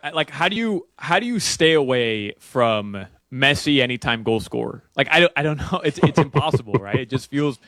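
A man talking soccer betting picks as a guest, rambling with many restarts and getting animated. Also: medium pitch, no room sound. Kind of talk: casual sports talk. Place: Miami area.

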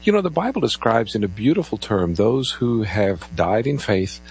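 Low gravelly bible radio cohost, husky, sing-songy when taking calls. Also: male voice, normal speed, soft background music, poor audio. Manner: lively, lilting delivery, takes calls and gives phone numbers. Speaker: radio Bible show co-host. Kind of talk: live call-in radio talk.

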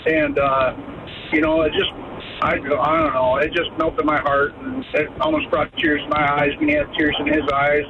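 A man's voice: on the high side, moderate pace. Caller, man in his late fifties, earnest rambling storyteller, tinny noisy phone line. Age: 50s. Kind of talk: call-in radio story.

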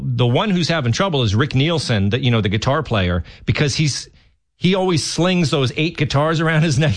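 A man hosting talk radio in a loose, rambling way. He repeats words as he talks and laughs now and then, and his voice sits at an ordinary middle pitch. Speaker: fill-in radio host.

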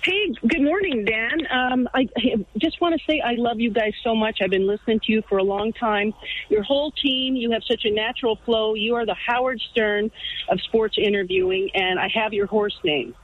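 A woman's voice: a little high, moderate pace. A woman calling in to a sports radio show, gushing as an enthusiastic fan. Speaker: caller. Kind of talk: call-in talk radio. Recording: tinny phone line.

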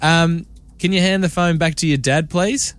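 An Australian man hosting a radio show in casual banter, chatty and quick to laugh. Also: fairly high pitch, steady tone, a bit bright, clear, resonant tone. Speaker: radio host.

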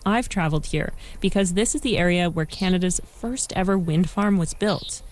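A woman reporter giving a measured, scripted narration for a news feature. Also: lowish voice, darkish tone. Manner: measured, explanatory.

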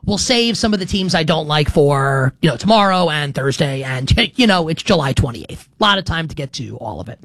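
A man's voice: on the high side, expressive, fairly quick, few pauses, fairly bright tone, no echo. Chatty, rambling male sports show host. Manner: chatty and rambling, with frequent restarts and "like". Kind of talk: casual talk-show monologue.

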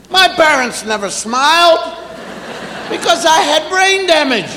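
A man performing a stand-up routine before a live audience, acting out parents and children with rapid repeated phrases. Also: very high voice, expressive, sharp tone, a little hiss or hum. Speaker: stand-up comedian. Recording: echoey hall with audience.

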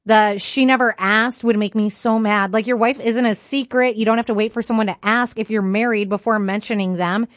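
A woman's voice: fairly high pitch, fairly even intonation, brisk, hardly any pauses, no room sound, studio quality. A woman co-hosting a radio talk show, chatting and reading listener comments aloud. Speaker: radio co-host.

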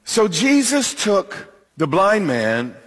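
A male pastor preaching with a husky, fairly high voice that swings widely in pitch. He leans into dramatic pauses and throws questions out to the congregation. His words ring out with a long reverb through the church sanctuary. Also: sing-song, fairly bright tone. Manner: emphatic preaching with dramatic pauses and call-and-response. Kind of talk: sermon.

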